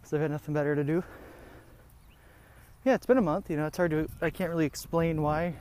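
A young man hosting a podcast, out of breath as he walks around a track outdoors, rambling through a casual, low-energy update. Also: fairly even intonation, fairly quick, darkish tone. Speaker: podcast host. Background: wind and outdoor sounds.

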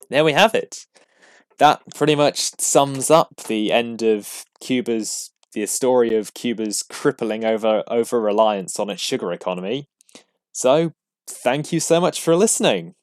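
A mid-pitched man closes out his podcast in a loose, rambling chat, laughing at himself and stumbling over restarts. His voice sits close and dry, with no room around it. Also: a little slow, no room sound. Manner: rambling, self-deprecating, chuckling. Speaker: podcast host. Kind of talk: casual podcast sign-off.

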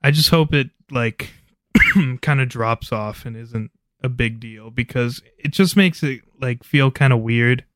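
A man's voice: medium pitch, a little slow, fairly bright tone, no echo, clean studio sound. A man co-hosting a podcast in casual chat, opinionated and laid-back, swearing now and then. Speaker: podcast co-host.

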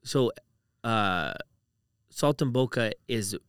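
A man's voice: mid-range voice, lively intonation, takes it slowly, fairly bright tone, smooth, no room sound, studio quality. A man co-hosting a podcast in casual, rambling chat, full of "like" and "dude". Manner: rambling, uses "like" and "dude" a lot. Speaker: podcast co-host.

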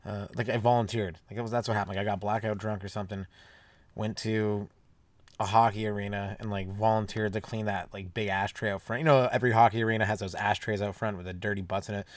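A young Canadian stand-up comedian hosts his podcast with a rambling, stoned monologue, laughing at his own jokes and swearing constantly. His fairly low voice stays fairly even in intonation, moves quickly, and is recorded dry.

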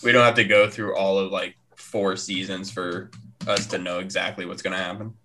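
A man's voice: sits low, little pitch movement, normal speed, pushed and bright. A man co-hosting a podcast, chatting casually with laid-back, agreeable banter. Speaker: podcast co-host. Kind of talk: casual chat.

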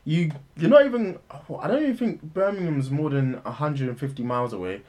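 A man's voice: on the high side, expressive, a little fast, a little mellow. A man co-hosting a podcast, bantering with strong opinions. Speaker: podcast co-host. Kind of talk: casual chat.

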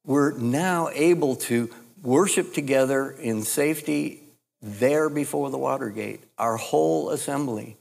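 Slow, deliberate male preacher in a hall. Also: medium pitch, creaky, darkish tone. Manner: measured, deliberate delivery with repeated restarts. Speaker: pastor. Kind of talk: sermon. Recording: long hall reverb.

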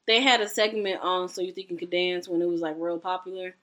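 A woman's voice: on the low side, steady tone, fairly quick, a bit bright. A young woman co-hosting a casual chat, telling stories with a lot of laughter. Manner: chatty storyteller, laughs often.

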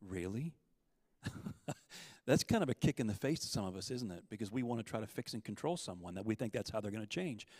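A man's voice: on the low side, animated, a little fast, darkish tone, dry recording. A man giving a conversational sermon as a guest speaker at a church service. He tells stories and asks his listeners questions.

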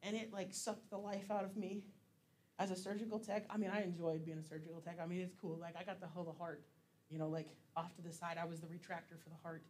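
A man's voice: sits high, little pitch movement, quick pace, a little mellow, slight background noise. Chatty laughing pastor, a man. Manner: chatty, laughs often, many fillers. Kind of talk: casual sermon.

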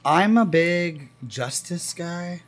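A man hosting a casual movie podcast, talking in a lively, easily amused way. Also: on the high side, takes it slowly. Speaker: podcast host. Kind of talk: casual chat.

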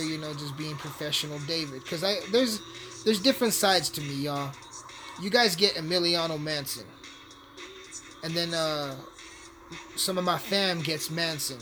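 A man's voice: a little high, moderate pace. A man telling a rambling story in a casual, profane way while playing a video game. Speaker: hotel worker telling a story. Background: music playing.

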